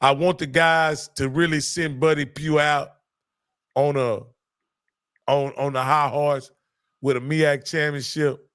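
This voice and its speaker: A man hosting a casual sports picks chat, folksy and relaxed, calling his partner "Coach" again and again. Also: mid-range voice. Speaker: host.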